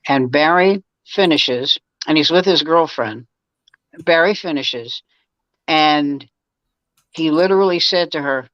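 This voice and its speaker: A man's voice: fairly high pitch, takes it slowly, fairly bright tone, no echo, highs cut off. A man, a guest comedian, telling rambling anecdotes in casual chat, with frequent restarts and acted-out quotes.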